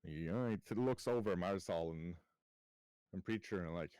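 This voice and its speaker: Male game master, low voice, easygoing narration, dry sound. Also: measured pace, clean tone, no echo. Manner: relaxed, full of uhs and restarts.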